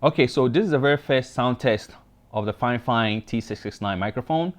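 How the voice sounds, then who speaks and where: A man's voice: mid-range voice, brisk. A man with a Ghanaian accent hosting a casual, chatty product review vlog with slangy asides, speaking into a desk condenser mic. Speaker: tech reviewer host. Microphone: desk condenser mic with pop filter.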